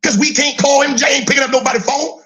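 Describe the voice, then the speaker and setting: A man's voice: very high voice, fairly even intonation, quick pace, sharp tone, lo-fi sound, soft background music. A middle-aged man giving casual mocking commentary, laughing often and teasing with repeated "huh?" questions. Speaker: podcast co-host reacting to clips.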